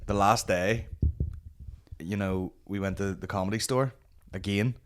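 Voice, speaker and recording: A Northern Irish man hosting a comedy podcast, telling stories in a sweary, animated way. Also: fairly low pitch, a little slow. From Northern Ireland. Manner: sweary, animated storytelling with put-on voices. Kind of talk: casual chat.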